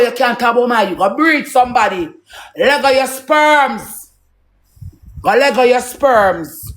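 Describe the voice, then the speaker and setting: A woman's voice: a little high, fairly bright tone. A woman with a Jamaican accent in a heated, profane, preachy rant to her viewers.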